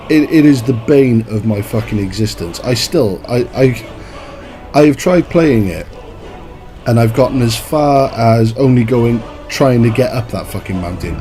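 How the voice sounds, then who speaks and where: A man's voice: medium pitch, dark tone. A man giving a profane, exasperated rant as a gaming commentator. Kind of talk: ranting game review.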